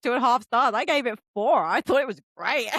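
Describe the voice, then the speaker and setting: A woman co-hosting a book podcast in casual chat, who swears freely and acts out quotes with big jumps in pitch. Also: expressive, brisk, a bit bright, dry recording. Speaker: podcast co-host.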